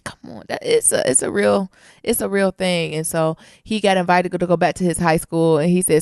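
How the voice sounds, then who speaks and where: A woman's voice: on the low side, fairly even intonation, fairly quick, gravelly, a little mellow, clean tone, dry recording, studio quality. A woman co-hosting a casual podcast chat, telling stories animatedly and acting out scenes with voices. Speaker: podcast co-host. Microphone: studio podcast mic.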